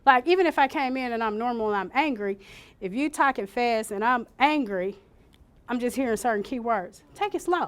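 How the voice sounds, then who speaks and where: A woman leading an informal care-training workshop, chatty and animated, acting out little scenes with sudden loud bursts. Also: a little high, normal speed, smooth.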